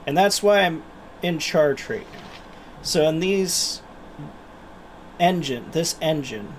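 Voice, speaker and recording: A man's voice: fairly high pitch, animated, slow pace, slight background noise. A man hosting a gaming channel, talking animatedly in casual let's-play commentary and laughing at himself.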